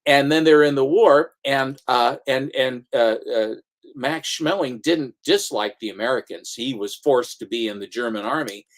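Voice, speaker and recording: A comic shop owner who hosts a channel chats casually about comics in a medium-pitched voice at a moderate pace. He rambles through stories, restarting often, adding asides, and slipping into comic voices.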